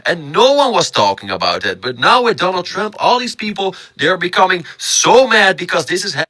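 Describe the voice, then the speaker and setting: A man's voice: sits high, very animated, a little fast, sharp tone, poor audio. A man ranting in a casual, exasperated and emphatic way, repeating his points. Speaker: fellow streamer. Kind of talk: casual political rant.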